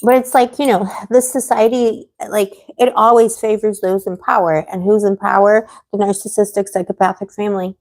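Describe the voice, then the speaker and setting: A woman's voice: medium pitch, steady tone, normal speed, hardly any pauses, a little mellow. A woman hosting a tarot live stream, chatting casually with viewers, rambling and getting heated as she vents. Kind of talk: casual livestream chat answering viewers.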